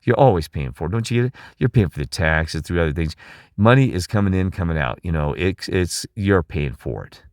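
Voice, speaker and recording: A man's voice: deep voice, animated, fairly quick, no room sound, clean studio sound. A middle-aged man talking in a rambling, emphatic monologue, asking listeners questions and restarting his sentences. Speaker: channel host.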